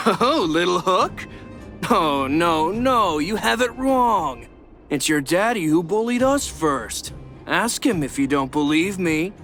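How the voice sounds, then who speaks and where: A sneering bully ringleader. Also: male voice, high-pitched, very animated, slow pace, fairly bright tone, faint music behind, heavily acted. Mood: taunting. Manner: taunting, sneering. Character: mocking young male miner, a bullying ringleader. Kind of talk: game voice acting.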